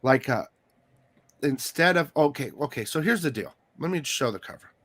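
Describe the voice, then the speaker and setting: A man hosting a casual interview about comic collecting, chatty and excitable, coughing from allergies. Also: medium pitch, normal speed. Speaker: host.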